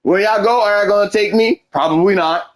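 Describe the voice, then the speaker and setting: Briskly and in a high voice, a young male streamer vents in a casual monologue. He rambles through a personal story with frustration, voicing both sides of every argument.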